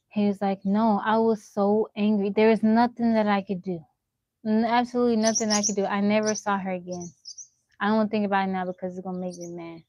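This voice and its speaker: A young woman live-streams on her phone, chatting and spinning animated stories for her viewers. The sound is dry and close with a slightly dull, muffled top end. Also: mid-range voice, no room sound. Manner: animated storytelling, laughing often, talking to chat. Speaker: livestreamer. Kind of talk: casual live-stream chat.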